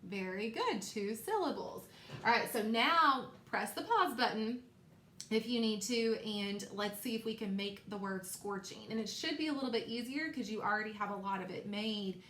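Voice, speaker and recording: A woman teacher leading a recorded phonics lesson for young children, slow and encouraging, repeating sounds for them to echo. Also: mid-range voice, animated, fairly bright tone, a little hiss or hum.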